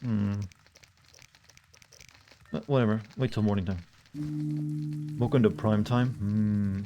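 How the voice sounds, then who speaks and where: A man's voice: fairly low pitch, fairly even intonation, slow, dull audio, slight background noise. A man streaming a game, chatting casually and rambling with frequent restarts and asides. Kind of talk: casual gameplay commentary.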